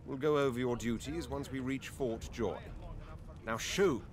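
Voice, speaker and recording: A man's voice: mid-range voice, a little slow, close to an everyday voice. A man playing a pompous haughty master. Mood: condescending. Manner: pompous, condescending. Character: haughty male master taking a slave.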